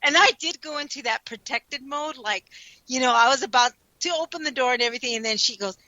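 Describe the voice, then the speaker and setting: A woman co-hosting a radio show, telling stories in an animated, expressive way. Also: high voice, fast talker, dry recording, highs cut off. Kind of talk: casual chat.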